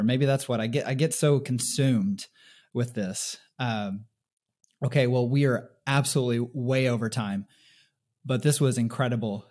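A man's voice: mid-range voice, a little slow. Guy hosting a chat, talks loose, stumbles and restarts a lot. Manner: warm, chatty, stammering restarts. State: emotional, sniffling. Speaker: podcast host. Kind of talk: casual interview chat.

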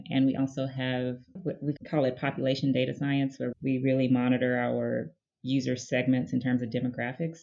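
A woman's voice: a bass voice, dark tone, muffled recording. A woman guest in an interview, explaining her research team in a thoughtful, conversational way with frequent fillers. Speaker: guest, head of user research.

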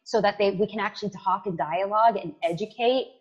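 A woman in her forties from Canada, speaking as a guest in a casual interview. She talks with lively energy in a mid-range voice. The sound is a little dull and lo-fi. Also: medium pitch, fairly quick, slightly rough. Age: 40s. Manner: energetic, lively, frequent "like" and "right?". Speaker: guest, tech executive.

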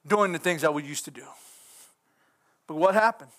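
A middle-aged man preaching a fervent sermon, folksy in grammar and rising at times to shouts. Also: on the high side, brisk, long pauses.

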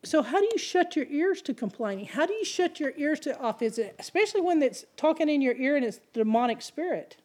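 A woman delivers a sermon in a somewhat high voice. She keeps asking her listeners questions, and her pitch and volume climb as she pushes each point. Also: a little fast, few pauses. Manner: animated, rising in pitch and volume when stressing points; rhetorical questions to the congregation. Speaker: preacher.

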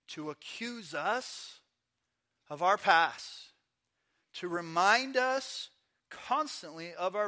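A pastor delivers a sermon in a church, his voice pitched high and ringing bright. He preaches with animated energy, telling stories and slipping into acted voices along the way.

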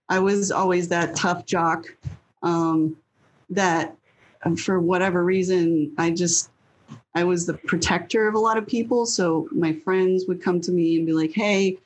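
A woman in her thirties from New Hampshire tells casual stories as an interview guest. She's blunt, swears freely, and acts out lines she once said. Her husky voice is on the low side, fairly even in intonation and a little slow, over poor audio.

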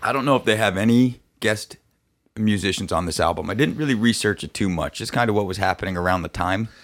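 A man's voice: on the low side, fast talker, a bit bright, a little hiss or hum. A man hosting a casual music podcast, rambling and searching for words with fillers. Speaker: podcast host. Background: album music playing.

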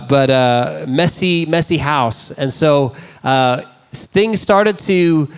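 A man's voice: fairly high pitch, smooth. Conversational storytelling man preacher. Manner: conversational, self-deprecating storytelling. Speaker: pastor. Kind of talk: sermon with personal stories.

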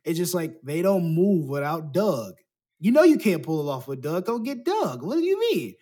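A man's voice: fairly high pitch, sing-song, moderate pace, mellow. A man chatting casually about a movie as podcast co-host, with rambling, slangy talk. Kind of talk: casual movie review chat.

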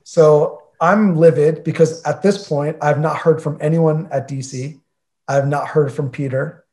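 An interview guest in his forties tells a casual anecdote, chatting away with plenty of fillers and acting out the conversations he quotes. His voice sits a little high and is slightly mellow, with fairly even intonation and a slightly slow pace.

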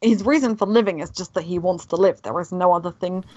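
A woman's voice: lowish voice, quick pace, a little mellow, dry recording, highs cut off. A woman co-hosting a casual podcast, eagerly retelling a game's story. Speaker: podcast co-host. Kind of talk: casual game discussion.

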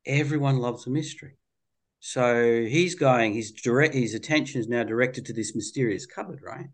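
A man's voice: medium pitch, normal speed. A middle-aged man, a child therapist telling a story in an interview, playful and colloquial.

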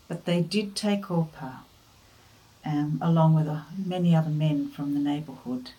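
A woman giving a devotional talk, telling a family story and offering earnest, gentle encouragement. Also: low voice, steady tone, moderate pace, poor audio. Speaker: devotional speaker.

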